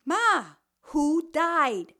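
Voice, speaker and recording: A woman's voice: high voice, sing-song, slow pace, sharp tone, heavily acted. A woman voicing an impatient, insistent grown daughter who pleads and snaps at her mother. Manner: pleading, snippy.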